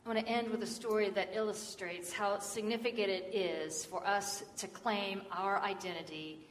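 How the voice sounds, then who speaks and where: A woman preacher giving a sermon, telling a story in a soft voice that drops low on solemn lines. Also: fairly even intonation, normal speed, slight background noise. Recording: echoey hall from far off.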